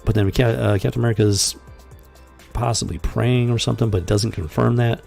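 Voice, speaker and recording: A man's voice: lowish voice, fairly even intonation, fairly quick, gravelly, darkish tone, soft background music. A man hosting a comics review show, reading panels aloud and commenting in a sarcastic, exasperated, rambling way.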